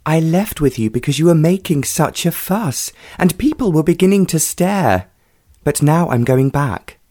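A man's voice: a little high, expressive, moderate pace, warm tone, no room sound, clean studio sound, pitched above the performer's own voice. A man reading aloud, voicing a proud, indignant nineteen-year-old lady who talks sharply and haughtily. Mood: cold refusal.

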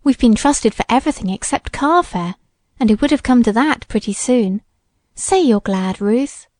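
A woman's voice: on the high side, expressive, moderate pace, darkish tone, dry recording, clean studio sound, lightly acted. Woman doing a bubbly teenage girl. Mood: teasing. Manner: bubbly, playful, sing-song. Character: lively teenage girl, merry and teasing. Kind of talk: audiobook character voice.

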